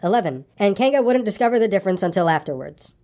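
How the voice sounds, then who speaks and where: A woman voicing a fussy, bossy male rabbit in a storybook reading, speaking in a brisk, self-important way. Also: mid-range voice, lively intonation, warm tone, natural voice.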